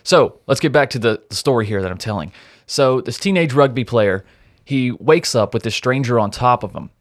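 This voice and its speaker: A man's voice: mid-range voice, lively intonation, moderate pace, no room sound, studio quality. A man hosting a true-crime podcast, telling the case in a blunt, wry, profane manner. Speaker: podcast host, storyteller. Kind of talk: casual true-crime narration.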